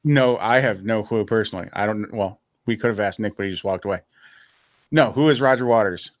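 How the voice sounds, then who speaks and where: A man's voice: fairly low pitch, fairly quick, no room sound. A man co-hosting a podcast, making dry, sarcastic remarks and steering the talk. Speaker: podcast co-host. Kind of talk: casual chat.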